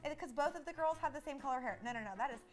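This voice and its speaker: High-voiced young woman trading quips. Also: soft background music. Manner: chatty, quick quips and playful asides. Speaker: co-host of a TV recap show. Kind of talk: casual chat.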